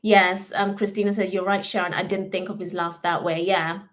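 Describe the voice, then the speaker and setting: A woman's voice: lowish voice, level tone, fairly quick. A British woman co-hosting a live chat stream, chatty and reading out viewer comments. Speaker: livestream co-host.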